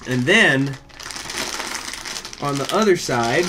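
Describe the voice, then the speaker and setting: A man's voice: medium pitch, animated, slow, noisy background. A man hosting a gaming channel, chatting casually and rambling to his viewers in an offhand, profane way. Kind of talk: casual chat to live viewers.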